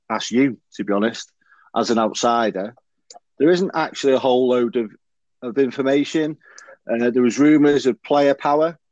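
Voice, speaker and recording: A man hosts a casual rugby chat, rambling along with plenty of ums and restarts. His voice sits at a middle pitch. The recording is dry and a bit dull and lo-fi. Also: a little mellow, no room sound. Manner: chatty, rambling, full of fillers and restarts. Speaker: podcast host.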